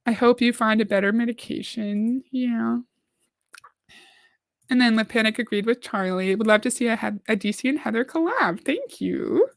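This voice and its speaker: A woman hosts a casual livestream, reading out viewer comments and reacting to them. Her voice sits a little high. The sound is dry and close. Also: animated, normal speed, gravelly, dry recording. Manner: chatty, reads out comments and reacts. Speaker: livestream host reacting to a video.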